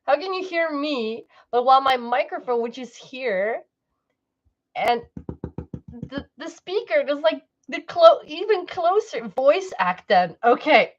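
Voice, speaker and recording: A woman's voice: high-pitched, big pitch swings, unhurried, muffled recording. A woman livestreamer chatting casually, rambling and cutting herself off, with frequent laughs. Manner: rambling, self-interrupting, laughs often.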